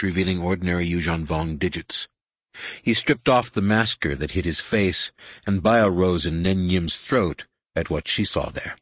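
A man narrating an audiobook in a measured, dramatic storytelling manner. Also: sits low, a bit bright, no echo. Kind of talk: scripted narration.

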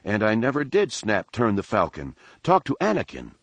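A man's voice: fairly low pitch, huge pitch swings, moderate pace, dry recording, heavily acted. Man voicing Jason, earnest teenage Jedi boy. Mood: protesting. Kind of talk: audiobook character voice.

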